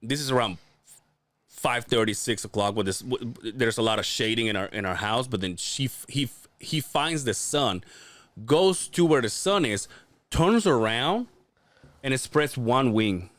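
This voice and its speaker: Co-hosting a podcast, this man shares animated stories in relaxed chat, cursing freely and mimicking people he quotes in a high voice. His delivery is unhurried, and there's no echo.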